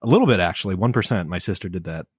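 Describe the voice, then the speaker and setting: Man, Midwestern American accent, comedy podcast co-host, animated banter, dry close sound. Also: deep voice, very fast, husky, no room sound. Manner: animated, acts out phrases.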